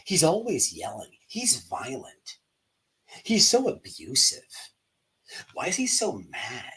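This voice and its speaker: A melodramatic online gossip, as a man parodies one, clutching pearls in a lowered, hushed voice. Each line drips with fake shock and mock outrage. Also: wildly swooping pitch, takes it slowly, slightly rough, full character voice.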